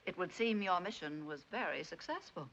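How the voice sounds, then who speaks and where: An actor playing a dry, wry army major in a 1940s screwball film comedy. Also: male voice, high-pitched, lively intonation, moderate pace, fairly bright tone. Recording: dull, hissy 1940s film soundtrack.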